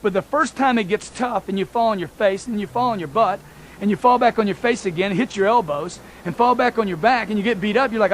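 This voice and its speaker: High-voiced emphatic male motivational speaker. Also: fairly quick, a little hiss or hum. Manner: emphatic, repetitive, addresses listeners as folks. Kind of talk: motivational talk.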